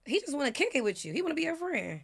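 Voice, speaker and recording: A woman guest joins a casual podcast chat with a high, lively voice. Her pitch moves a lot, and she keeps throwing in jokes. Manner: quick-witted, joking, laughs often.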